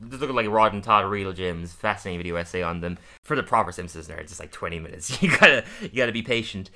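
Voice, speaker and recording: A man's voice: deep voice, animated, fast talker, sharp tone. A man co-hosting a podcast, giving a casual review in which he laughs often and stumbles over repeated words as he restarts. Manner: laughs often while recapping scenes. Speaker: podcast co-host. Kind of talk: casual episode review chat.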